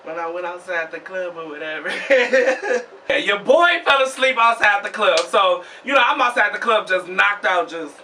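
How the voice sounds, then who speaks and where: A young man telling a storytime vlog in a profane, animated way, acting out what people said. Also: high voice, normal speed, far from the mic, slight background noise. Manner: animated, profane, acts out quoted voices loudly.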